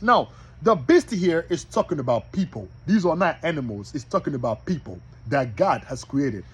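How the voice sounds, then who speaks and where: A man teaching from the Bible like a preacher, reading verses slowly and asking the listeners if they are following him. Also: a little high, animated, slightly rough. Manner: reads verses slowly and repeats them. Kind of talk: street-style bible teaching.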